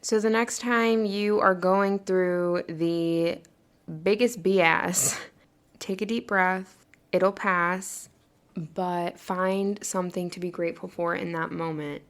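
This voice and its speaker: A woman's voice: fairly low pitch, steady tone, slow. A young woman talks straight into her own podcast in a casual motivational monologue. She sounds earnest and encouraging, and her thoughts wander loosely as she goes. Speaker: podcast host.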